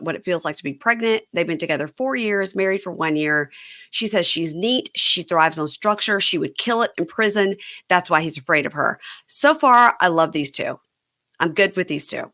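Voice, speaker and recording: A middle-aged woman hosts a podcast in a lowish, bright voice. She is chatty and wry, running quickly through a recap in an easy conversational way. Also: expressive. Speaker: podcast host. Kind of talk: casual chat.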